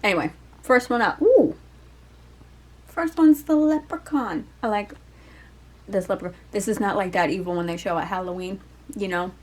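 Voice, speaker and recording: A woman's voice: on the low side, steady tone, a little fast, low-quality recording. A woman doing a casual, rambling tarot reading for her viewers, full of fillers, asides and the odd swear word. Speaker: tarot reader.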